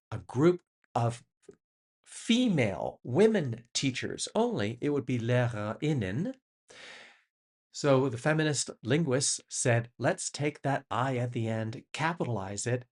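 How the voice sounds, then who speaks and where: Middle-aged man, reflective monologue, explanatory, lively pitch, stretches words for emphasis. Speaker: host.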